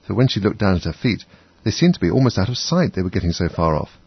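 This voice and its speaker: A man's voice: low-pitched, very animated, quick pace, gravelly, husky, no room sound. A man narrating a children's storybook expressively as an audiobook, on a dull, dry recording.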